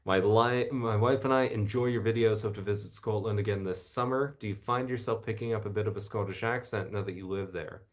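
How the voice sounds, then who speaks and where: A middle-aged American man with a low baritone voice, chatting in an easygoing way from his living room. He reads viewer greetings aloud with enthusiastic little asides. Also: fairly even intonation, fairly quick, hardly any pauses. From United States. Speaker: channel host reading live chat. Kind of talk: casual live-stream chat. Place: home living room by the fireside.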